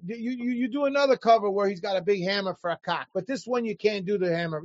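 A man telling animated, profane stories in casual chat, acting out the people he quotes. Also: sits high, fast, dry recording, lo-fi sound. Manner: animated anecdotes, profane, acts out quoted voices.

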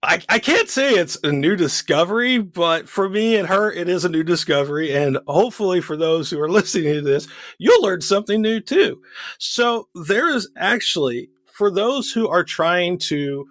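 A man's voice: high-pitched, lively intonation, moderate pace, fairly bright tone, no room sound. A man co-hosting a podcast in casual chat, laughing easily and explaining things at length. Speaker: podcast co-host.

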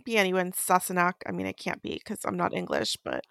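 A woman co-hosting a casual book podcast, chatting in a relaxed way with quick asides. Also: on the low side, creaky, dry recording, clean studio sound. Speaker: podcast co-host.

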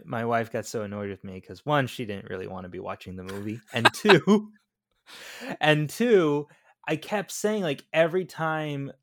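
A man guesting on a podcast, telling stories with animation and plenty of stumbles and restarts. His pitch sits in the middle, and the sound is dry and close-miked. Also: no echo. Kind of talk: casual podcast chat.

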